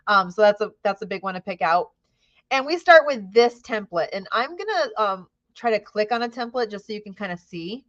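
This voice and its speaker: A woman's voice: medium pitch, muffled recording. A woman teacher giving an upbeat training talk, often checking in with "right?" and acting out how she questions young students. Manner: upbeat, frequent "right?" tags, models classroom questioning.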